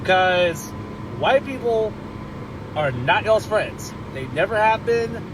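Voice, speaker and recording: A man's voice: sits high, lively intonation, slow, noisy background. A man giving a blunt, casual ranting monologue with many fillers, as a social media commentator.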